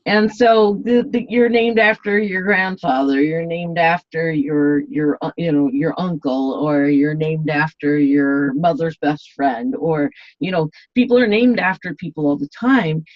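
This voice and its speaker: A woman's voice: deep voice, a little slow, hardly any pauses, no room sound. A woman guest in an interview, talking in a rambling way with many fillers and restarts. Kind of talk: casual interview talk. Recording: dull, dry lo-fi sound.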